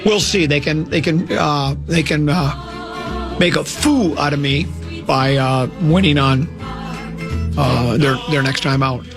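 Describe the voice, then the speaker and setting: A man's voice: a little high, takes it slowly, music in the background. A man hosting a sports radio show, talking casually and rambling with restarts and dry self-mocking asides, from a studio microphone.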